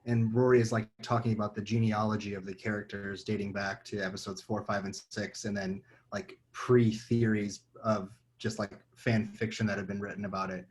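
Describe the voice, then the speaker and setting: A man's voice: fairly low pitch, little pitch movement, normal speed, few pauses. A man in his thirties, a podcast guest, talking casually with many fillers and repeats. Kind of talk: casual conversation.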